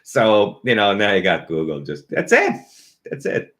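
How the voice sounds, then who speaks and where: Animated sarcastic man ranting. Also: on the low side, unhurried. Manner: animated, sarcastic, laughs at his own points. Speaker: company commentator. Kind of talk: casual opinion monologue.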